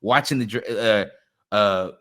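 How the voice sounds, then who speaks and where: Excitable young man, low voice. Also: measured pace. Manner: animated, swears freely, excitable. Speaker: podcast co-host. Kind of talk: casual chat.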